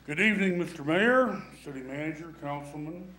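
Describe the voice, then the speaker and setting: A man's voice: on the high side, a little fast, a bit bright. Folksy man addressing a council. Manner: folksy, joking. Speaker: speaker at a city council meeting. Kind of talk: public remarks with humor. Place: council chamber. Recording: echoey chamber.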